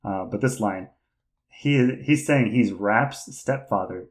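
A man with a medium-pitched, slow voice hosts a casual podcast chat on poor audio. He rambles and hesitates, full of fillers and restarts, laughing often and getting excited.

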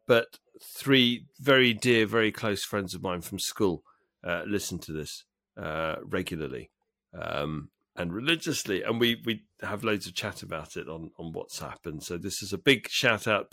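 A low-pitched man co-hosting a podcast, talking in a relaxed, playful way and pausing often with ums. The recording is close and dry, with no room echo. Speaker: podcast co-host. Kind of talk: casual chat.

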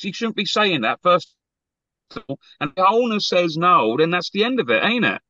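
A man's voice: fairly high pitch, very animated, brisk, sharp tone, no room sound, highs cut off. A man casually telling a long story on a podcast, acting out quotes and swearing freely.

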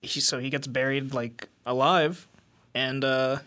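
Man, podcast co-host, casual film talk, slow delivery, bright forceful tone. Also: medium pitch, fairly even intonation, clean tone. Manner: unhurried plot recap with fillers. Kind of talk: casual film review chat.

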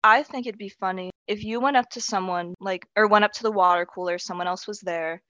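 A woman's voice: mid-range voice, fairly quick, a bit bright, no echo. A woman guest on a podcast, chatting playfully and giggling as she talks. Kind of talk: casual chat. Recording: dry, dull lo-fi sound.

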